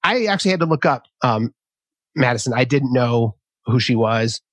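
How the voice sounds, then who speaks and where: A man in his fifties hosting a conversational interview, an animated storyteller. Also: mid-range voice, normal speed, dry recording. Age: 50s. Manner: lively storyteller who acts out quotes in raised voices. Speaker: podcast host.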